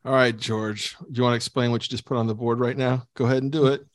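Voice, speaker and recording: A man's voice: medium pitch, steady tone, fast, dry recording, studio quality. A man hosting a podcast in casual, comedic chat, teasing his co-hosts and moving the show along. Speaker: podcast host.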